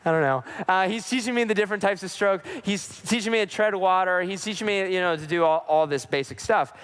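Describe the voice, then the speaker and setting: A man's voice: high-pitched, brisk, fairly bright tone, smooth. A young man on a faith podcast, giving a sermon-like teaching and telling a personal story, acting out the voices he quotes. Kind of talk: preaching-style faith talk with personal story.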